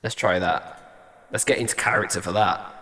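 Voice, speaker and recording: A man's voice: on the low side, fairly even intonation, moderate pace, in a large hall, over loud music. A male singer-songwriter chatting casually as he reacts to a song and tests vocal ideas at a studio mic. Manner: thinks aloud, trying out vocal ideas.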